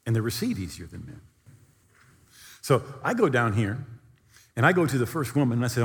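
Man, preacher, storytelling sermon, husky voice, lively pitch, long hall reverb. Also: fairly quick. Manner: animated storytelling, bursts into near-shouting.

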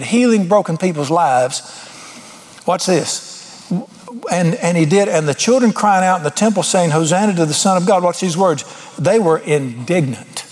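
A middle-aged man preaches in a loose, folksy way. His voice sits fairly high and sounds husky. He is blunt, jokes at his own expense, and his voice jumps up when he drives a point home. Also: a little mellow. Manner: folksy, blunt and self-deprecating, with sudden emphatic rises. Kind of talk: informal sermon.

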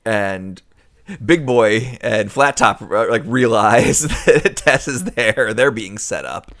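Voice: mid-range voice, slow, a bit bright. A co-host in casual chat, tossing in jokes and half-remembered details about a film. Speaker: podcast co-host discussing a film.

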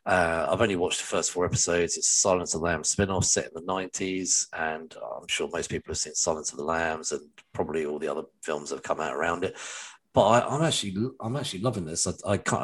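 A man's voice: deep voice, a bit bright, husky. A man co-hosting a podcast, chatting casually and rambling with plenty of fillers and restarts. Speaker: podcast co-host.

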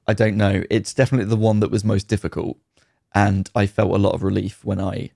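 A man's voice: lowish voice, flat delivery, fairly quick, vocal fry, dark tone, no room sound, studio quality. A man co-hosting a casual podcast chat, talking in a rambling, enthusiastic way about games with frequent ums. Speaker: podcast co-host.

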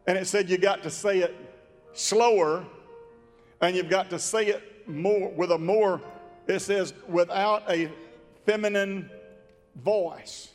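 A man preaching a sermon in a folksy, drawn-out, emphatic way. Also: high-pitched, long reverb tail, faint music behind. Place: church sanctuary.

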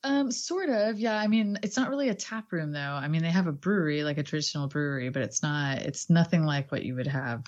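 A woman's voice: low voice, expressive, a little fast, few pauses, lo-fi sound. A woman co-hosting a casual podcast chat, chatty and laughing often, swearing now and then. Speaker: podcast co-host.

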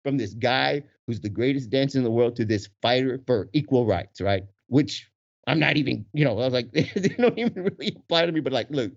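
A man in his forties with a husky voice, telling a story casually with lots of laughter. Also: medium pitch, fairly quick. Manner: animated, laughs often, acts out voices in quotes. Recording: dull lo-fi recording.

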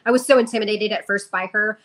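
A woman's voice: mid-range voice, fairly even intonation, fast talker, a bit bright. Young woman telling a story with feeling. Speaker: podcast guest. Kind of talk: casual interview.

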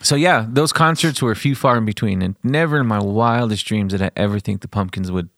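A man's voice: lowish voice, brisk, no room sound, studio quality. A man in his forties from El Paso, telling a story in casual podcast chat, swearing often and acting out the voices in his quotes. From El Paso, Texas. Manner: profane, animated storyteller, acts out quotes.

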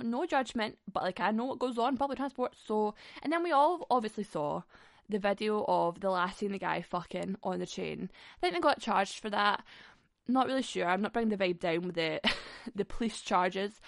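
A woman's voice: medium pitch, gravelly, no room sound, clean studio sound. Blunt, profane woman storyteller. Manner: blunt, profane, often laughing mid-sentence. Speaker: podcast host. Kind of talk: candid comic storytelling.

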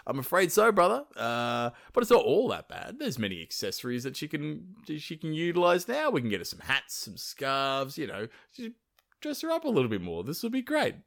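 A man voicing a mischievous trickster god who talks in a higher, offhand, nonchalant way. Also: animated, a little slow, fairly bright tone.

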